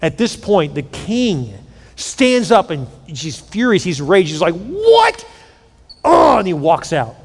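A pastor in a big echoing hall, preaching and retelling an old story with a lot of life. His voice sits high for a man, and he jumps into the characters' lines as he goes. The reverb trails long behind him. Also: lively intonation, measured pace, slightly rough. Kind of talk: sermon.

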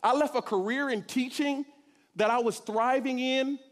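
Male preacher, high voice, passionate testimony delivery, swings soft to loud, big hall reverb. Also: fairly even intonation, moderate pace. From Corpus Christi, Texas. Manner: passionate, swings from hushed to shouting. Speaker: church speaker giving testimony. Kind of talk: sermon testimony.

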